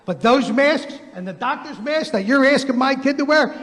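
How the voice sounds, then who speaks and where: A man, a parent, making an impassioned, emphatic public comment that repeats its points and rises to a shout. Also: very high-pitched, lively intonation, moderate pace, hardly any pauses. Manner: emphatic, repetitive, rising to a shout. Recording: reverberant hall recording.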